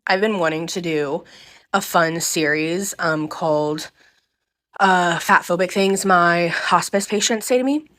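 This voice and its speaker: A woman casually telling candid stories to the camera about volunteering in hospice care, swearing freely and pausing with many ums. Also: on the low side, a bit bright.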